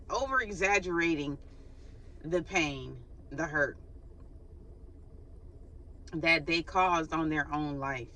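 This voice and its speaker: A woman hosting a faith channel gives a casual spiritual reading in a chatty way, laughing often and acting out quoted sighs, recorded without her microphone. Her low, fairly bright voice is unhurried and pauses often, with slight background noise.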